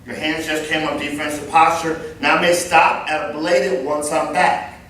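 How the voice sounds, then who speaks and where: A man in his fifties running a live workplace safety training class, animated and joking as he demonstrates moves. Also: on the high side, moderate pace. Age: 50s. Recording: very echoey room, far mic, faint ambience.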